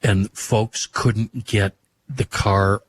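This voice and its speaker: A man with a fairly low voice hosts a radio talk show in a casual, folksy way, spinning stories and chuckling along. A faint hum sits under his voice. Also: steady tone, very slow. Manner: folksy storyteller, laughs easily.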